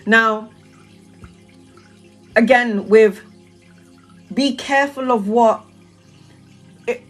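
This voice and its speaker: Animated swearing woman. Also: fairly high pitch, very slow, pauses often, faint music behind, rough recording. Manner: animated, swearing, laughing often. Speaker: spiritual content creator. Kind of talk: casual monologue to camera.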